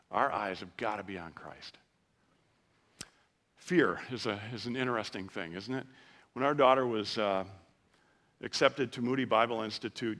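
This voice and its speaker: A middle-aged male pastor delivering a sermon in a relaxed, conversational manner. He mixes self-deprecating asides into his preaching, and his voice turns tender and emotional at moments. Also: medium pitch.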